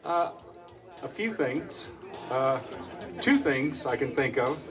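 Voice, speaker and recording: A man's voice: medium pitch, lively intonation, slow pace, over music. A man who runs the restaurant, telling a folksy story to a crowd in an easygoing way with a few fillers. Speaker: restaurant owner. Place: busy restaurant event.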